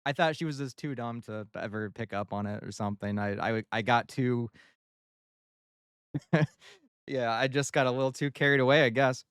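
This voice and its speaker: Smooth-voiced joking male streamer. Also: mid-range voice, moderate pace, fairly bright tone, dry recording, studio quality. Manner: joking, rambling, laughs at himself. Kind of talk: casual livestream chat.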